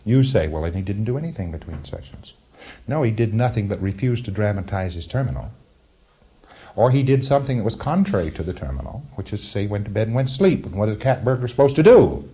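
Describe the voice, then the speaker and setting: Male lecturer, low voice, wry and conversational, lo-fi old tape. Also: lively intonation, fast, slightly rough. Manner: wry, conversational, with chuckles and mock dialogue. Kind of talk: recorded training lecture.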